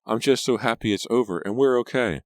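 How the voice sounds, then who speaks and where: A man doing a shrill frightened teenage girl. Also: big pitch swings, moderate pace, no room sound, clean studio sound. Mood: tearful relief. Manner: high, shrill and breathless.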